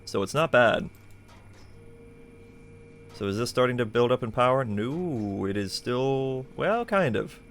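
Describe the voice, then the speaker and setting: A man's voice: mid-range voice, unhurried, pauses often, fairly bright tone, slight background noise. A man streaming a game live, thinking aloud in a chatty way with plenty of fillers. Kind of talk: casual live gameplay commentary.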